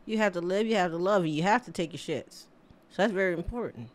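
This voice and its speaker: A woman streamer reacting to memes live in a casual, animated way, exclaiming, swearing often and laughing. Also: medium pitch, quick pace.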